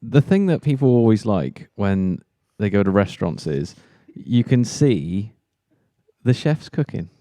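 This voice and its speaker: A man's voice: fairly low pitch, sing-song, measured pace, warm tone, dry recording. A man with an English accent, co-hosting a podcast, argumentative and teasing, laughing often. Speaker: podcast co-host. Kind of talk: casual banter.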